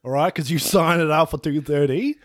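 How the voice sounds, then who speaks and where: A performer voicing a brusque, businesslike hall caretaker in an improvised comedy sketch, pitched lower than their own voice. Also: a little fast, studio quality, close to an everyday voice. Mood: curt. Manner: curt, businesslike.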